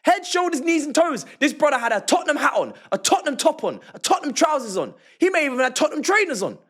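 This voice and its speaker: High-voiced, emphatic man ranting. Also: fast. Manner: emphatic and animated, repeats phrases for effect, slangy banter. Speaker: football fan reaction host. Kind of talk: excited post-match reaction vlog.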